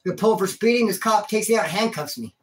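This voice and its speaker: A man's voice: sits high, a little fast, a bit bright. A man telling a rambling personal story in a casual, slangy way, calling the listener dude and bro. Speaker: vlogger telling a prison and life story.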